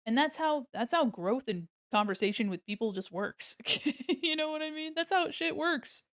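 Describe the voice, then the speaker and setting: An American art streamer with a neutral General American accent chats casually with viewers while drawing, rambling and laughing often. Her voice is high and fairly bright, with lively intonation and normal speed, recorded at studio quality with no echo.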